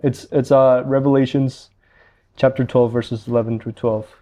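A man in his twenties hosting a podcast, speaking in a relaxed, halting way with frequent fillers. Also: mid-range voice, muffled recording. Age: 20s. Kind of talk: casual podcast chat.

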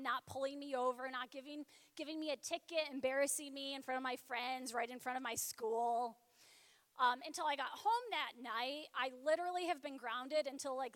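A woman giving a Catholic youth talk, telling a personal story in a lively, chatty way with lots of "like". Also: high voice, dry recording. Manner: lively and chatty, frequent filler "like". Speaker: speaker at a Catholic youth event.

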